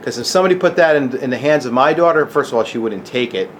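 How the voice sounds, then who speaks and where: An agitated middle-aged man rants at mid pitch, cursing hard and tossing in a pointed "okay?" again and again. His voice sits in the middle range for a man. A faint air-conditioner hum runs under him. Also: expressive, fast talker. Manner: agitated, profane, keeps asking "okay?". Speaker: gun channel vlogger. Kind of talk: angry rant to camera.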